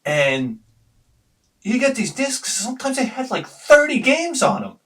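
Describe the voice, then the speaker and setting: Heard from a distance, a fortysomething man with a high-sitting voice talks at normal speed, spinning loose anecdotes about growing up for his retro gaming show. He swears freely, stays animated, and laughs at what he's telling.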